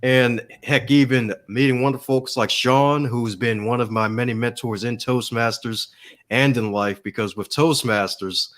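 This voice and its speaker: A man's voice: mid-range voice, fairly even intonation, moderate pace, fairly bright tone. A man on a podcast, talking in a casual, motivational way about how he grew as a speaker. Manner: enthusiastic, motivational. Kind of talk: casual storytelling.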